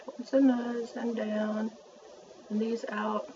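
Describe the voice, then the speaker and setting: A woman's voice: fairly high pitch, level tone, takes it slowly, mellow, muffled recording, a little hiss or hum. A woman, chatting through a makeup tutorial and talking to her viewers as she works. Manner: chatty, self-narrating, addresses viewers as y'all. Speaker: beauty vlogger.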